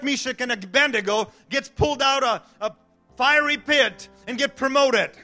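Guy preaching hard, really high and bright voice, rallying the church, faint music in back. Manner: rallying, exclamatory, call-and-response. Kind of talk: fervent sermon.

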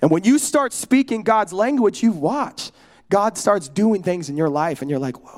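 A young man from Oregon preaching in a casual, storytelling way, animated and acting out the voices in his stories. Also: sits high, measured pace. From United States, Oregon. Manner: casual, often asks "you know what I'm saying?". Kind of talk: storytelling sermon.

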